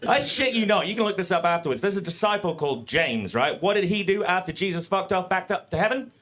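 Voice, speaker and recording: A man doing a live stand-up set in a comedy club, profane and animated, speaking into a stage mic. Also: high voice, fast talker. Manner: profane, animated, mock-confident.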